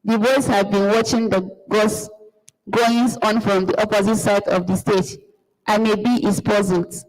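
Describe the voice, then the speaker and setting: A woman with a Nigerian accent reading a play aloud in a plain, measured way, naming each speaker. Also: mid-range voice, fairly even intonation, a little mellow. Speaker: marathon read-aloud reader. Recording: long reverb.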